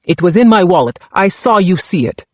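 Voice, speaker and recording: A man's voice: high voice, lively intonation, brisk, no echo, muffled recording, pitched above the performer's own voice. A man voicing a surly, bullying Czech immigrant landlord with a thick Czech accent, boastful and barking. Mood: defiant.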